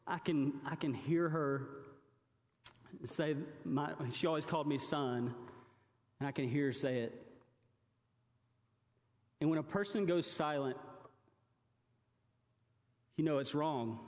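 In a big-room sound, a young pastor with a fairly high, darkish voice preaches to his congregation. He tells stories, acting out both his baby daughter's words and his own.

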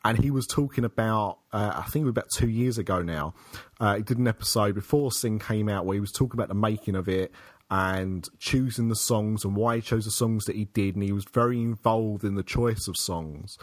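A man with a lowish voice talks easily with a friend, stumbling through restarts and fillers as he gathers his thoughts. The recording is dry, with no room echo. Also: brisk. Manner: conversational, hesitant with restarts and fillers. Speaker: podcast co-host. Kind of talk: casual chat.

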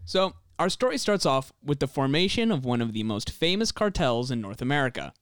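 Podcast host, male, smooth clear voice, dry close sound, laid-back read-out narration. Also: medium pitch, sing-song, brisk, a bit bright, no echo. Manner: laid-back, swears casually, reads notes smoothly. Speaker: podcast host presenting the researched story.

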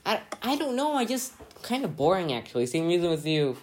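A woman's voice: fairly low pitch, big pitch swings, a little fast, a little mellow. A teenage girl chatting in a laid-back, wry way on a video call. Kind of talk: casual video-call chat.

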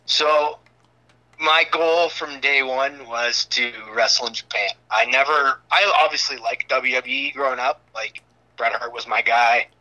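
A man's voice: mid-range voice, steady tone, a little slow, sharp tone, poor audio. A man in his thirties, a wrestler guest, telling stories in loose casual chat with casual swearing.

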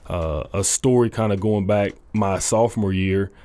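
A young man, a college football coach, telling his faith story in a halting, earnest way full of restarts. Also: lowish voice, steady tone, dark tone, clean tone. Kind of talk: casual testimony interview.

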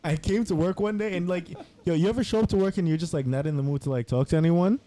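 A man's voice: high-pitched, fast talker, warm tone. A young man telling rambling work stories in casual chat with friends, full of slang and laughter. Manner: laid-back, rambling, New York slang. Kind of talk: casual storytelling among friends.

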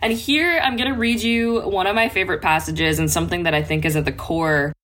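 A woman co-hosting a podcast in casual book chat, chatty and quick to laugh, often trailing off mid-thought. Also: on the low side, fairly bright tone, a little hiss or hum. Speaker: podcast co-host.

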